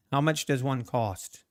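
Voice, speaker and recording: A man hosting a live trading stream, chatting casually and rambling as he reacts to viewers' messages. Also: medium pitch. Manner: rambling, chatty, reads chat aloud.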